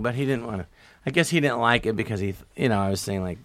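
A man's voice: mid-range voice, lively intonation, brisk, sharp tone. An older man, a guest on a talk show, telling stories casually and acting out quoted voices with animation. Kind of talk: casual storytelling.

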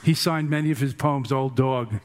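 Older guy giving a dharma talk, funny and meandering, mid pitch. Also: moderate pace. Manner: humorous, rambling storytelling. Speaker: meditation teacher.

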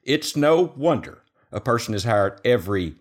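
A man's voice: mid-range voice, animated, normal speed. A man co-hosting a podcast who reads a sponsor spot and jokes and ad-libs along the way. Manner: jokey, ad-libs during the read. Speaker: podcast co-host reading an ad. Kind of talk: casual ad read and podcast chat.

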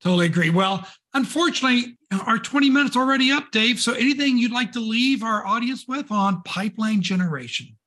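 Brief: upbeat male co-host, notably high-pitched voice. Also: animated, brisk, few pauses, pushed and bright. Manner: upbeat, enthusiastic. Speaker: podcast co-host. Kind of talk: business podcast discussion.

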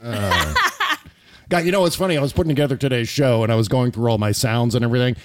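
A middle-aged man hosting a podcast, chatting about politics in a quick, joking way. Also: mid-range voice, very noisy. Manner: joking, quick, does voices. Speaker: podcast host. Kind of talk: casual political chat.

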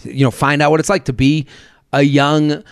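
Dry, animated male podcast host. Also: fairly high pitch, normal speed, clean tone, no room sound. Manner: animated, jokey, puts on comic voices. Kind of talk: casual chat, reading listener emails.

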